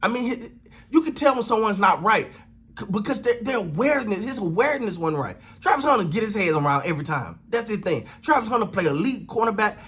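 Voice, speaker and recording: This man has a husky, fairly high voice that swings all over the place as he rants about a football game. He hammers his points by repeating himself and talks in casual slang, like a sports channel host reacting on camera. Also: lively intonation, fast talker, a bit bright. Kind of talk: animated sports reaction rant.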